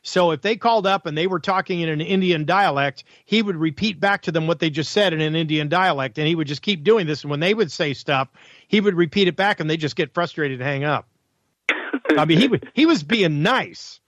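Male talk radio host, chatty, laughs often, high voice, dry booth sound. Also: a little fast, a bit bright, no room sound. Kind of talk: casual call-in chat.

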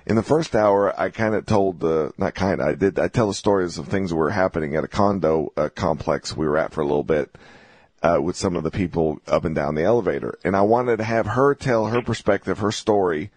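A man hosting a talk radio show, talking in a halting way with many fillers and restarts. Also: sits low, darkish tone, dry recording.

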